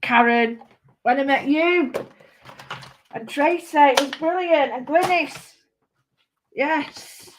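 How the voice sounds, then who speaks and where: A woman's voice: high-pitched, slow pace, long pauses, a little hiss or hum, rough recording. A woman giving a chatty live craft demonstration, rambling and giddy, talking to her viewers with lots of exclamations. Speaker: craft tutor.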